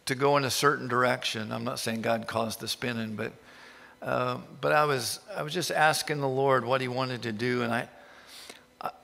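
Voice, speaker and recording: A male pastor preaching a sermon in an informal, halting way with many restarts. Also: medium pitch, gravelly, sharp tone, long reverb tail. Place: church.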